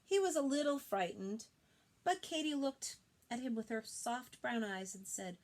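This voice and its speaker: Expressive woman reading to children. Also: a little high. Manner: expressive, pausing to point out pictures. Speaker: storybook reader. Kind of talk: reading a picture book aloud to children.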